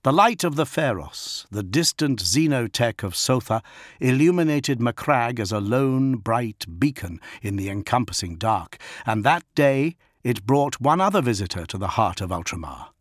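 Expressive, husky male audiobook narrator. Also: medium pitch, moderate pace, no room sound, studio quality. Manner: expressive storytelling. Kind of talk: scripted narration.

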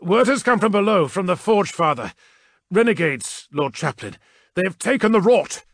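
A man's voice: sits high, very animated, normal speed, no echo, studio quality, pitched above the performer's own voice, full character voice. A man voicing an urgent male soldier reporting over comms in clipped, raised lines.

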